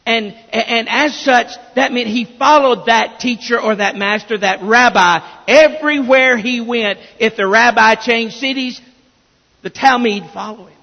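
Male pastor, high gravelly voice, slow emphatic preaching, dull echoing church recording. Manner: emphatic preaching with repeated restarts. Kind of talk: sermon.

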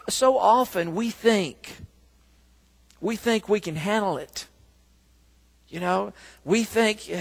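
Slow preacher in a reverberant hall. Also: male voice, high voice, creaky. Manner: slow storytelling, rising to loud emphatic bursts. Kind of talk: sermon. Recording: long reverb of a large hall.

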